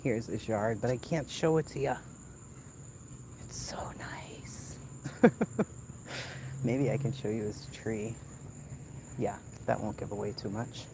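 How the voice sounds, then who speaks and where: A woman's voice: extremely low pitch, steady tone, moderate pace, background noise. Chatty woman from the American South. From southern United States. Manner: chatty, calls out loudly to her kid, drops to a whisper. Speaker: channel host. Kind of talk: casual livestream chat while walking outdoors. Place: outdoors in a yard at night.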